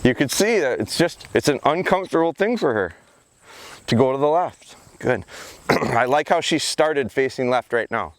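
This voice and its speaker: A man explaining dog training drills out in a rural field, switching between calm explanation and short commands and praise. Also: medium pitch, normal speed, dry recording. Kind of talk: outdoor training vlog, explaining while working the dog.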